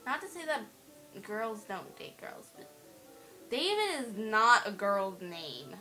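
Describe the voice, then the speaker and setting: Slow-talking bright-voiced woman gaming. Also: medium pitch, animated, low-quality recording. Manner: playful, teasing, giggly banter. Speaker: gamer playing a horror game. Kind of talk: let's play commentary. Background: faint game music.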